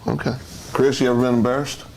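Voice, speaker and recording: A man's voice: medium pitch, fast talker, gravelly, a little hiss or hum, rough recording. A man co-hosting a podcast in casual chat, telling stories with lots of laughter. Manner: laughing, animated storytelling. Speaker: podcast co-host.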